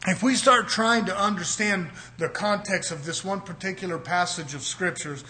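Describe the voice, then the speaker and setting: High-voiced preacher delivering a sermon. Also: male voice, moderate pace, bright, forceful tone. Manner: preaching with rising and falling emphasis, repeated "brothers and sisters".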